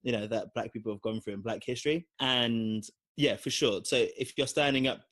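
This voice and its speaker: A man's voice: mid-range voice, brisk, a bit bright, no room sound. A man co-hosting a podcast in casual chat, teasing, joking and laughing often. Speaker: podcast co-host.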